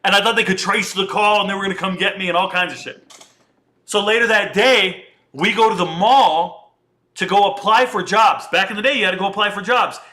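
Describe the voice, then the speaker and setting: High bright-voiced man telling a story. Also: fairly quick. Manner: animated, slangy, conversational storyteller. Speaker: commentator. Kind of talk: casual commentary and storytelling.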